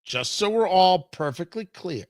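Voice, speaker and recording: A man's voice: sits high, lively intonation, a little slow, dry recording. A man hosting a casual live talk show, reading viewer comments aloud and answering them with sarcastic banter and many restarts. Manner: rambling, many restarts and fillers.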